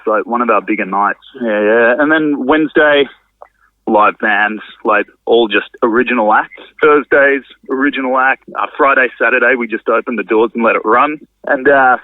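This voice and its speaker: A man's voice: medium pitch, no room sound. A man, a drummer and venue owner, chatting casually as a podcast guest, rambling and swearing freely. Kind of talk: casual conversational interview. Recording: narrow phone-like sound, dry.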